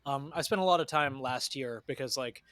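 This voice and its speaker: A man co-hosting a podcast in relaxed, profane, joking chat. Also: medium pitch, brisk, no echo. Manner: laid-back, profane, joking. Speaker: podcast co-host. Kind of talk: casual chat.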